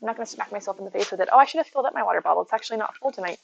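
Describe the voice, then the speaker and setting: A woman's voice: medium pitch, rapid-fire, gravelly, muffled recording, slight background noise. A woman streaming from home, chatting casually, greeting viewers by name and talking to her cat. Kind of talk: casual live-stream chat. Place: at home near her bed.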